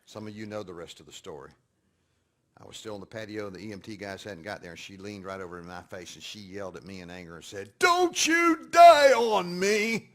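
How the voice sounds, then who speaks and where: A man giving a sermon-style teaching to an audience, telling stories and moving between quiet, hushed passages and loud, emphatic points. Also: sits low, steady tone, quick pace. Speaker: speaker teaching a session.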